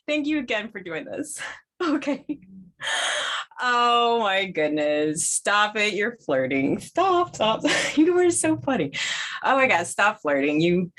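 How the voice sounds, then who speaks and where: A woman's voice: on the high side, fairly bright tone, heavily acted. A woman acting in a student stage play as an emotional, flustered young woman who gushes, laughs and stammers. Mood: giggly teasing. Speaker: student performer.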